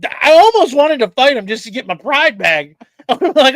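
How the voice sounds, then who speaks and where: Talking at normal speed in a very high voice, a man hosting a casual podcast tells a spirited story full of profanity. The recording is dry.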